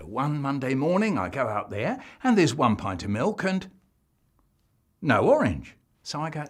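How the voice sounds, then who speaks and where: A man's voice: on the high side, wildly swooping pitch, measured pace, heavy background noise. A man telling comic stories in a playful, exaggerated way. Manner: exaggerated, playful, does funny voices. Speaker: storyteller. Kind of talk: animated comic storytelling, remixed clips.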